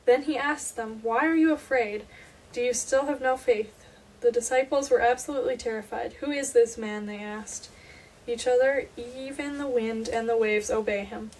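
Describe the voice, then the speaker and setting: A young woman co-hosts a casual faith podcast, speaking at a moderate pace in a slightly high voice as she chats earnestly and reads scripture aloud. Her voice sounds a bit distant from the mic, with faint background noise.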